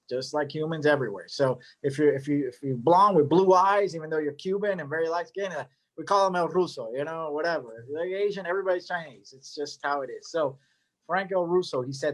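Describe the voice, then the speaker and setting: A man's voice: fairly high pitch, moderate pace. A middle-aged man casually telling his story as a cigar maker, rambling with joking asides and lots of fillers.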